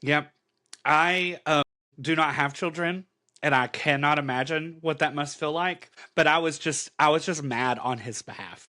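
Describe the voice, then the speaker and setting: Male podcast co-host, expressive storyteller, sharp bright tone. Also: a little high, measured pace. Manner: animated storyteller acting out reactions, swears freely. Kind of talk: casual chat recapping a comic.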